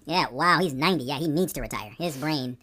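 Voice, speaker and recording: A man in his forties co-hosting a casual chat podcast, animated and excitable as he jumps from topic to topic. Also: fairly high pitch, brisk. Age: 40s. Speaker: podcast co-host. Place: Phoenix, Arizona.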